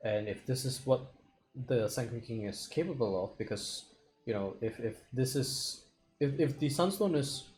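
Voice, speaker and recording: An earnest man playing a tabletop game, speaking in a mellow, warm voice. He turns formal and careful when talking in character. Faint noise sits behind him. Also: mid-range voice, expressive, moderate pace. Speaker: player.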